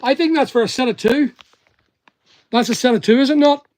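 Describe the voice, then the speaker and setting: Chatty high-voiced man with Northern Irish lilt. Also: fairly quick, a little mellow, no echo. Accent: Northern Irish-English mix. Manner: chatty, teasing, talks to viewers while working. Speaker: online seller and channel host. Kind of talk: casual live-stream chat while packing. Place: packing workspace with staff nearby.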